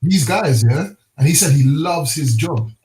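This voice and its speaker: A man's voice: fairly high pitch, animated, measured pace, darkish tone, a little hiss or hum. A young man tells a story in loose slang, swearing as he goes. The banter is casual and easygoing. His voice rings in a roomy, echoing space. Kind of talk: casual banter among friends. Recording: roomy echo.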